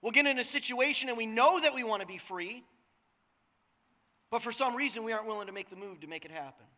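A pastor in his thirties preaches in a loose, joking, conversational way, often checking in with his listeners. His voice is very high and bright for a man. A long reverb from the hall trails his words. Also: quick pace. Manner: casual, joking, conversational, asks the crowd "right?". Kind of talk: sermon.

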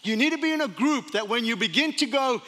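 High, bright-voiced preaching pastor. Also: male voice, lively intonation, fast, big-room sound. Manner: emphatic preaching with rhetorical questions. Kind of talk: sermon. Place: church sanctuary.

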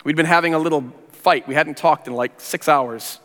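A man's voice: fairly high pitch, normal speed, a bit bright. Earnest man preaching in an echoing hall. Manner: earnest, conversational storytelling with casual slang. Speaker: pastor. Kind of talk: personal testimony sermon. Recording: long reverb of a large hall.

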